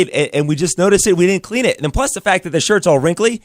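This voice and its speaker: A man co-hosts a radio talk show, and he tells his story quickly and with plenty of frustration. His voice sits a little high. The studio sound is dry and close. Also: expressive, no echo. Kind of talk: casual talk show chat.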